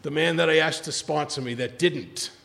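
An older man telling his own story at a recovery meeting, emotional and animated, acting out what people said. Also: on the high side, normal speed, vocal fry, long reverb tail. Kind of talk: personal storytelling talk.

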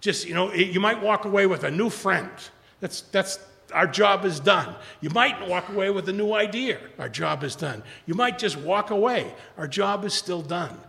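A man telling his recovery story to a large audience, rambling with many restarts, speaking quietly and rising when he urges the crowd. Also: high voice, normal speed. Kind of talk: personal testimony talk. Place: large hall before an audience. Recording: long hall reverb, gravelly.

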